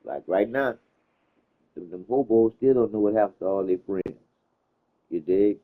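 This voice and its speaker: A man's voice: on the low side, normal speed. A man chatting casually, telling stories in a loose, slangy way, with plenty of cursing. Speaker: host. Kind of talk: casual chat. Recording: tinny phone-like sound.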